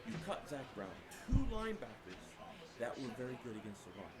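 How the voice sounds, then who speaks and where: A man's voice: mid-range voice, very animated, fairly quick, darkish tone, echoey room, distant mic. A man giving a football preview, rambling and thinking aloud with restarts. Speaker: football analyst.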